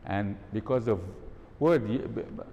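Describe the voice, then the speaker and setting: The audio is dull, with long hall reverb and a faint rumble. Through it, a warm-toned man speaks a little slowly, giving a live workshop talk in an event hall, quizzing the crowd and demonstrating tones of voice.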